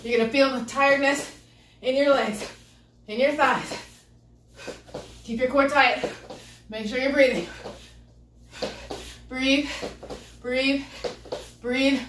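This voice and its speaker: A woman with a fairly high voice coaches a workout at home, breathless and upbeat as she calls out moves and greets viewers. She sounds a little distant from the mic, in an echoey room with faint noise behind her. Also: steady tone, unhurried, long pauses, fairly bright tone. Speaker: fitness instructor. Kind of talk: live workout session.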